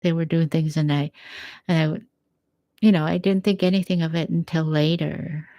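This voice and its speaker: A woman giving a gentle, encouraging faith talk at home, quoting scripture as she reflects. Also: low voice, steady tone, moderate pace, dry recording. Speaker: faith speaker.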